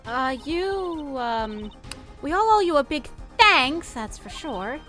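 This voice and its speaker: A woman's voice: high voice, sing-song, slow pace, sharp tone, faint music behind, exaggerated voice. A woman voicing a brusque, sarcastic young female detective in a fan game dub.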